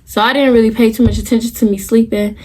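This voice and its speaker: A woman's voice: on the high side, fairly even intonation, fast, warm tone. Candid young woman telling a story. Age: 20s. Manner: candid, profane, addresses viewers directly; talks in loose run-on asides, restarts the story. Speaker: vlogger. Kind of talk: casual storytime.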